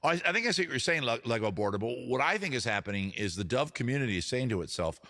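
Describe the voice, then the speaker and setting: A man's voice: mid-range voice, lively intonation, quick pace, bright, forceful tone. A man hosting a music livestream from home, chatting in a rambling, jokey, self-deprecating way. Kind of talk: casual livestream chat.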